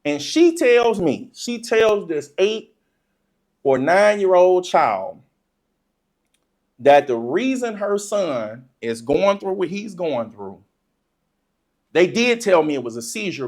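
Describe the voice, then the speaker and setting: Lively storyteller, voice jumps all over, laughs a lot telling a funny story from when they were a kid. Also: medium pitch. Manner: animated, laughs often, acts out childhood excitement; casual informal speech. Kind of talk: comedic personal storytelling.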